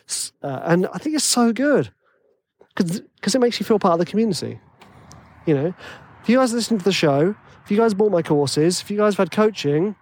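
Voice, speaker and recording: A man's voice: high voice, a little mellow, dry recording. A man with a tenor voice hosting a podcast, rambling and self-deprecating in casual chat full of fillers. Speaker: podcast host.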